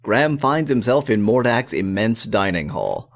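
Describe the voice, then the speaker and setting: Gamer, lively pitch, giggly, casual co-play chat, reads game narration aloud. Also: moderate pace. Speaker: co-player.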